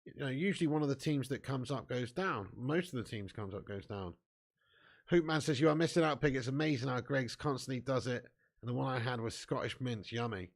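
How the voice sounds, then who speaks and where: A man's voice: mid-range voice, fairly quick, vocal fry. A young man hosting a live football watch-along, bantering with chat, laughing often, swearing and calling everyone mate. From southern England. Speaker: fan channel host.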